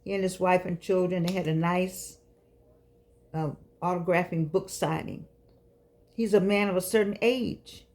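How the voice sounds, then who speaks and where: A woman's voice: fairly low pitch, fairly even intonation, measured pace, darkish tone. A woman, giving a chatty, emphatic motivational talk to camera. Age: 60s. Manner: chatty, preachy, folksy and emphatic. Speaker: vlogger speaking to seniors.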